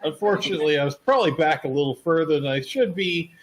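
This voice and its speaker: A man's voice: on the high side, lively intonation, fast talker, low-quality recording. A man playing a tabletop game, explaining his character's moves in a rambling, laughing way. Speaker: player. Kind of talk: casual tabletop play.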